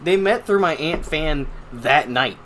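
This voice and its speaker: A man's voice: a little high, animated, unhurried, very noisy. A young man co-hosting a casual podcast, joking crudely and swearing freely as he tells stories. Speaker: podcast co-host.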